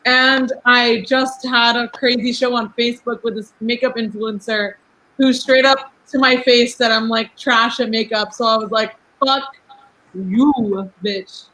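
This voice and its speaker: This guest is a young female rapper in her twenties chatting casually on a podcast. The low-quality recording catches a fairly high, level voice that sounds pushed and bright. She speaks fast and freely, laughs often, says what she thinks, and leans heavily on "like."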